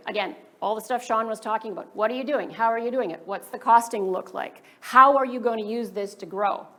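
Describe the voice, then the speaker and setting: A woman giving a workshop presentation to startup founders as a government funding advisor, briskly posing rhetorical questions to the audience. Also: fairly high pitch. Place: business school event room.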